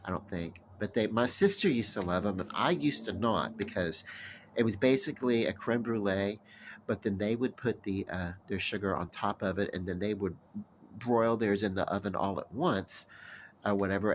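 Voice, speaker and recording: Rambling low-voiced man chatting casually. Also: normal speed, slight background noise. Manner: rambling, with many fillers and restarts. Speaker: vlogger. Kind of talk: casual chat.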